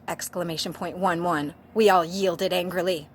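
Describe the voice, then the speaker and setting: A woman's voice: lowish voice, fairly even intonation, normal speed, a little hiss or hum. A woman doing a comic dramatic reading of fan fiction aloud, with mock drama and wry asides. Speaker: guest reader.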